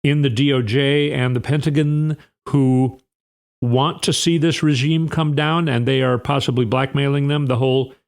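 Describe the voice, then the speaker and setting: A man's voice: medium pitch, fairly even intonation, moderate pace, gravelly. A man hosting a podcast, rambling through sarcastic, opinionated political commentary. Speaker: podcast host.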